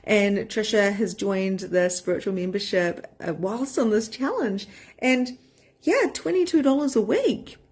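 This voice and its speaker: A woman's voice: mid-range voice, lively intonation, a little slow, darkish tone, husky. A woman in her thirties, a spiritual empowerment coach, talking frankly and with energy to her members, swearing casually. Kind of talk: casual live-stream talk to members.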